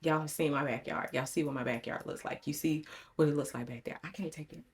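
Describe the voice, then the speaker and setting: A woman's voice: deep voice, fast. A middle-aged woman, talking to viewers in a casual vlog, telling a story dramatically with repeated phrases while her voice trembles. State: shaken, voice trembling. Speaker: lifestyle vlogger.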